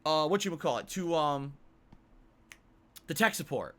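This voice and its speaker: A man's voice: fairly high pitch, expressive, a little slow, a bit bright. A man streaming, exasperatedly retelling a long customer service ordeal. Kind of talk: venting story on a livestream.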